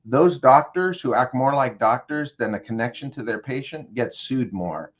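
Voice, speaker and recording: An animated man with a mid-range voice talks at an ordinary pace on a recording whose highs are cut off. Appearing as a consultant guest, he walks his interviewer through an imagined situation, leading with direct questions to check in.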